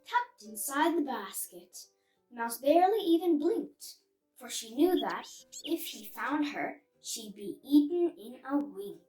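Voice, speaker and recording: A woman reading a rhyming children's storybook aloud in a slow, expressive, sing-song way. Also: high voice. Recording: voice a bit distant, faint music behind.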